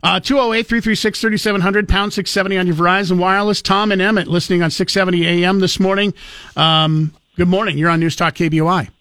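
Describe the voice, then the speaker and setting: A male talk radio host with a fairly high voice, speaking into a close studio microphone with a dry sound. He runs the show briskly and pushes back on callers. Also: steady tone, a bit bright, no room sound. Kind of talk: talk radio, taking calls.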